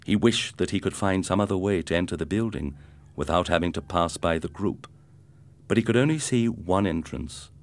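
Deep-voiced man narrating a story. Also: normal speed.

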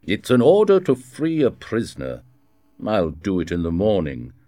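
A man's voice: on the low side, huge pitch swings, normal speed, dark tone, dry recording. A man reading a storybook voices a blunt prison governor, speaking in a brusque, commanding way. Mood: dismissive.

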